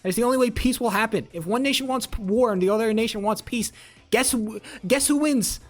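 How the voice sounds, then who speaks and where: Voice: medium pitch, quick pace, faint music behind. A live streamer in a casual political rant, heated and profane, repeating phrases for emphasis and answering chat. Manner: talks back to chat messages.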